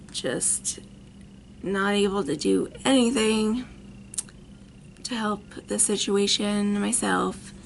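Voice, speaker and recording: A woman's voice: mid-range voice, slight background noise. A woman in her thirties telling a personal story as a vlogger, rambling with many fillers. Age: 30s. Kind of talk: storytime monologue.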